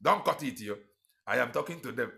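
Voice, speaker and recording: A man's voice: medium pitch, lively intonation, brisk, creaky, bright, forceful tone. A man with a Nigerian accent giving mocking, emphatic commentary, switching between Igbo and English and repeating phrases for effect. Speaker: commentator reacting to a played recording.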